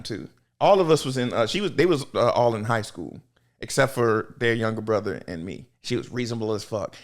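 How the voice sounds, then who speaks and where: Young male podcast host, casual storyteller, lively pitch, does high voices for quoted people.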